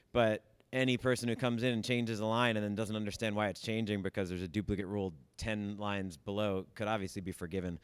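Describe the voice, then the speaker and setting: A man's voice: on the low side, smooth, dry recording. A man giving a wry, conversational tech talk at a meetup. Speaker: meetup speaker.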